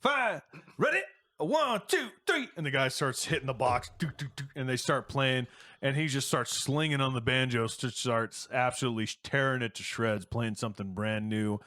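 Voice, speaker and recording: A man's voice: medium pitch, a little fast. A man running a tabletop role-playing game, narrating scenes loosely with lots of fillers. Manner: relaxed, filler-heavy narration. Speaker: game master.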